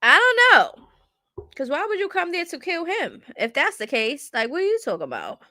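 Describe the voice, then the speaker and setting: A woman streamer gives casual reaction commentary in a high, bright voice. She talks bluntly and chattily and keeps checking that the listener follows her. Her close mic sounds dry, with no room to it. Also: huge pitch swings, moderate pace, no room sound. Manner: blunt, chatty, keeps asking "you get what I'm saying".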